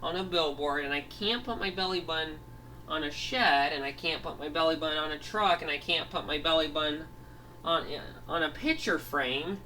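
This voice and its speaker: A man voicing a boastful, mischievous male character who schemes in quick, repetitive bursts. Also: fairly high pitch, pushed and bright. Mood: scheming. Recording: voice heard from a distance, faint noise.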